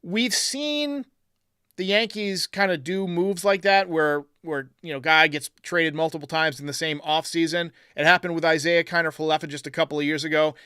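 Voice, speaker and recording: A man hosts a casual live stream, chatting and reading viewer comments aloud as he thinks things through. His voice sits a bit high and sounds smooth and clear. The sound is close and dry, with no room around it. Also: steady tone, moderate pace, sharp tone, no echo. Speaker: podcast host reading live chat.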